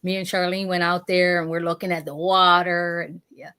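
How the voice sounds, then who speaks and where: A woman's voice: fairly low pitch, level tone, moderate pace, bright, forceful tone, clean tone. A woman guest in casual chat, rambling a little with many restarts.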